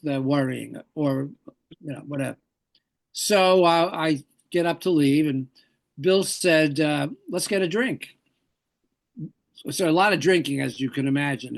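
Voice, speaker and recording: An older man settles into an interview anecdote, his voice gravelly and sitting a touch high. He wanders and corrects himself as he goes, quoting the people in his story. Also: measured pace. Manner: rambling anecdotes with self-corrections. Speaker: actor, interview guest.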